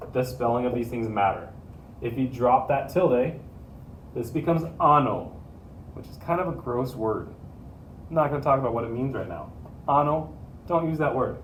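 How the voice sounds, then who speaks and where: A man's voice: medium pitch, echoey room, distant mic, a little hiss or hum, low-quality recording. A man teaching a Spanish pronunciation lesson to his students, patiently repeating the key points.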